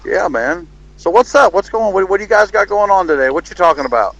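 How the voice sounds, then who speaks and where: Man, laid-back, casual call, slightly high voice, from his car. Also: expressive, quick pace, vocal fry, fairly bright tone, rough recording. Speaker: podcast guest. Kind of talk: casual chat over a call. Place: car in the rain.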